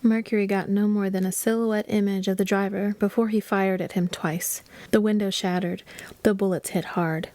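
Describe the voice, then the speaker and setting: A woman reading a thriller audiobook aloud in a steady, even storytelling voice. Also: mid-range voice, moderate pace, dry recording. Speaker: audiobook reader. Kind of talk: audiobook narration.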